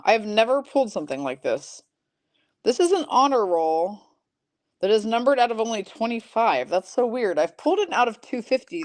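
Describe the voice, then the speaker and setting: Low-voiced woman calling card break hits. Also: darkish tone, dry recording. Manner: rattles off player and team names, chatty asides to viewers. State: coughing and clearing her throat. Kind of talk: live-stream card break commentary.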